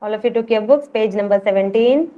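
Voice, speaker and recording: A woman's voice: on the high side, fast. A woman kindergarten teacher with an Indian English accent, leading an online class and patiently repeating words for young children. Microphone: video call. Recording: lo-fi noisy video call audio.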